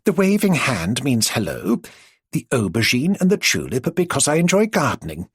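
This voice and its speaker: A man voicing a sensible middle-aged woman who talks in a brisk, matter-of-fact way. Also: fairly high pitch, sing-song, a bit bright, husky, no echo, studio quality, pitched above the performer's own voice, heavily acted. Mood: prim.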